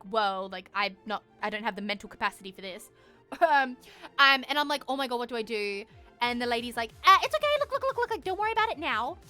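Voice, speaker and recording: A woman's voice: on the high side, pushed and bright. A young woman streamer telling a story casually, acting out both sides of a conversation and swearing freely. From Australia.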